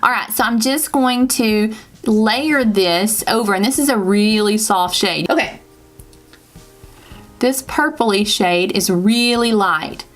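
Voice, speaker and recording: This beauty vlogger, a woman with a Southern US accent, chats and rambles through a casual makeup tutorial, laughing as she corrects herself. Her voice sits at medium pitch and sounds a bit bright.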